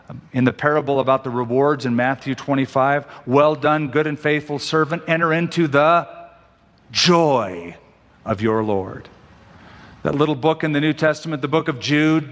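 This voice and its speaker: A man preaching a sermon as pastor, slowing down and stretching out the scripture he quotes for emphasis. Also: on the high side, a bit bright. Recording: long hall reverb.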